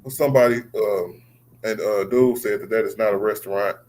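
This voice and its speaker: A man's voice: lowish voice, fairly even intonation, brisk, a little mellow, a little hiss or hum, low-quality recording. A man hosting a casual sports livestream, talking loosely with slang and calling on guests by name. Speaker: livestream host.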